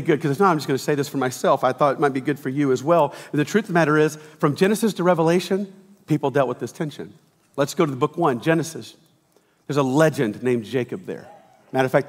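A man preaching a sermon, telling stories in a chatty, self-deprecating way. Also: fairly high pitch. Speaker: pastor. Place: church sanctuary. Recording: long reverb of a large hall.

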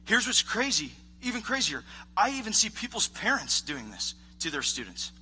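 A man preaching a casual, animated sermon as a youth pastor, acting out voices of characters. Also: high-pitched, normal speed, slight background noise.

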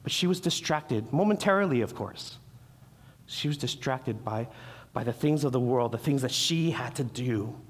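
Male pastor, middle-pitched, earnest sermon delivery with restarts, recorded with long church-hall reverb. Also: lively intonation, moderate pace, slightly rough. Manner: earnest, repeats and restarts words, acts out quoted voices.

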